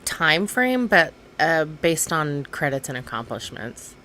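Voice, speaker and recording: A woman comedian being interviewed, answering in a relaxed, agreeable way. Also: low voice, takes it slowly, a little hiss or hum. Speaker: comedian guest. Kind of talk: casual interview chat.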